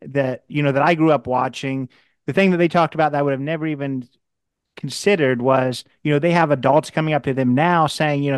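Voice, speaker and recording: Smooth-voiced earnest male host. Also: fairly high pitch, fairly even intonation, brisk, dry recording, clean studio sound. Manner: earnest, repeats words when starting. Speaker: podcast host. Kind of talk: interview questions, casual.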